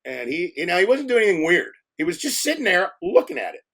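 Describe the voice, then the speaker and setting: An older man, a film director, telling stories casually in an interview, rambling, with many fillers and restarts, getting animated at the funny parts. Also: high voice, fast.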